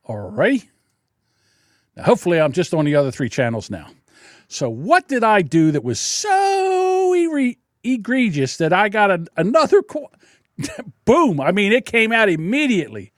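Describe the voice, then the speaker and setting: A man's voice: sits high, huge pitch swings, a little slow, dry recording, clean studio sound. A man hosting his own podcast, ranting in a sarcastic, indignant way and laughing often. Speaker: podcast host. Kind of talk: solo podcast livestream rant.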